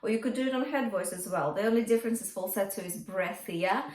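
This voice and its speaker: A woman singer and vocal coach teaching a song gently and encouragingly, and singing short lines to show each technique. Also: medium pitch, fast talker. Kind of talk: singing lesson with sung demonstrations. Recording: echoey room with faint guitar music.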